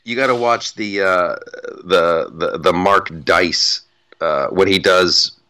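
Slow, low-pitched, and forceful, this man's voice rings clear, resonant, and bright as he co-hosts a casual political podcast. He leans on emphasis and mock boasting, repeating his punchlines for effect.

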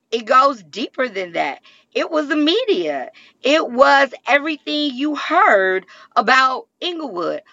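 A woman, a political director speaking as a guest in a measured, earnest way. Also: fairly high pitch, sharp tone, dry recording, dull audio. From South Side of Chicago. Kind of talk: political talk interview.

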